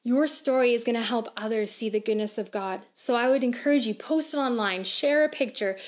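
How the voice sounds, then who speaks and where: A woman in her thirties preaching a sermon on a church livestream, earnest and conversational, asking gentle questions. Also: on the high side, a little fast. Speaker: pastor.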